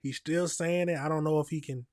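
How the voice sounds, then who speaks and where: A man's voice: on the high side, fairly even intonation, fairly quick, very noisy. A man hosting a reaction video, commenting casually and bluntly to his viewers from a home setup. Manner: blunt, talks straight to viewers. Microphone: USB desk microphone.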